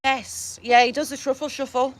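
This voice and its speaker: A chatty woman talks to her viewers outdoors while she feeds her hens. Her voice sits a little high, she sounds affectionate, and she laughs easily. Chickens cluck and a rooster calls behind her. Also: level tone, moderate pace. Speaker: livestream host feeding her chickens. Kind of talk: casual live chat with viewers.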